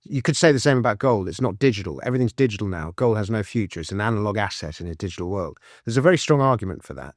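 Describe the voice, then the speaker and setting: A man's voice: fairly low pitch, expressive, no echo. Chatty man, dry close sound. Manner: chatty, restarts and quick asides while explaining. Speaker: author and financial commentator, guest. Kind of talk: casual interview conversation.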